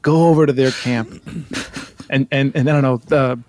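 A man's voice: medium pitch, fairly even intonation, moderate pace, darkish tone, no echo. A man in an improv comedy scene who talks in an agitated way, swears and repeats himself.

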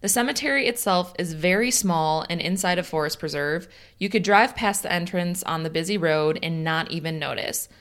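Her voice is fairly low and fairly bright, moving at a moderate pace with few pauses. She's a podcast co-host from Illinois with a Chicago accent, chatting casually, reading a listener's story aloud, and mixing easy laughs with short, dry replies.

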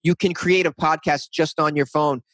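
Podcast guest: a chatty man with a slightly high voice who rambles with enthusiasm, recorded dry and close. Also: normal speed, no echo. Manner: rambling, animated, restarts often. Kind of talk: casual interview talk.

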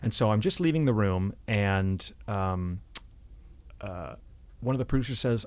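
A man, an actor, telling stories from his career in a casual interview, animated and laughing at himself. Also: fairly low pitch, a little slow, dry recording. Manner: animated anecdotes with self-deprecating laughs. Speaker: actor and podcast guest.

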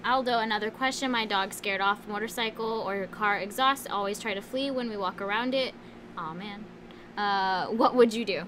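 Bright-voiced woman reading viewer comments. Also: mid-range voice, moderate pace. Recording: faint background noise.

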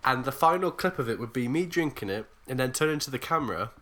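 A man's voice: mid-range voice, lively intonation, fast, a bit bright. An English man co-hosting a podcast, chatting casually and joking, laughing often. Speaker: podcast co-host. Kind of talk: casual chat.

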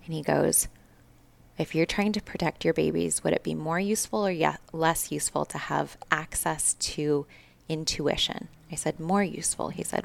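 A woman's voice: low voice, gravelly. A woman in her thirties, a podcast guest telling a candid, emotional personal story with swearing and laughs.

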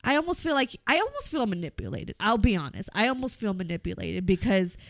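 A woman's voice: medium pitch, sing-song, quick pace, vocal fry, fairly bright tone, no echo, clean studio sound. A young woman in casual, candid chat, blunt and profane, laughing often as she talks.

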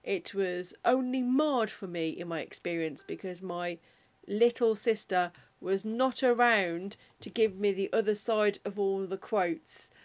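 A woman's voice: medium pitch, measured pace. A woman hosting a podcast in a casual, self-deprecating monologue, talking animatedly and slipping into quoted film lines. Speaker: podcast host.

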